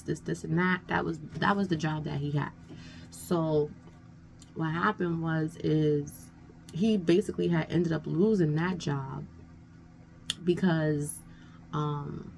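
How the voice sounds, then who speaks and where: A woman's voice: fairly low pitch, creaky, slight background noise. A woman telling a personal story in a casual, rambling way, full of "like" and "um," sounding exasperated as she talks it through. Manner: rambling, many fillers like 'like' and 'um'; exasperated, talking things through out loud. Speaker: storytime vlogger.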